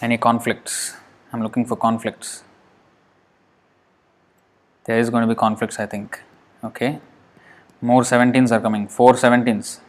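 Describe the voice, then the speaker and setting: A man teaching an online class, patiently reading out students' answers and counting syllables aloud slowly. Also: mid-range voice, little pitch movement. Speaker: Sanskrit teacher.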